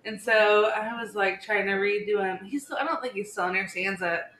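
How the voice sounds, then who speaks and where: Woman in her 30s gabbing on a podcast, lots of "like", bright voice, echoey room. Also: medium pitch, normal speed. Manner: chatty, animated storytelling with many "like"s. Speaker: podcast co-host. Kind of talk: casual chat. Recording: echoey room with faint background hiss.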